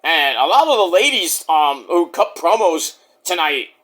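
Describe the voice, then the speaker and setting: A man recapping a wrestling show in a casual vlog, excitable, rambling and profane. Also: fairly high pitch, unhurried.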